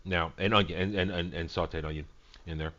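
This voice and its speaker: A man's voice: low-pitched, steady tone, brisk, bright, forceful tone, lo-fi sound. A man hosting a long livestream, chatting casually and rambling with many fillers as he describes his food. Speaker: stream host. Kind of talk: casual chat.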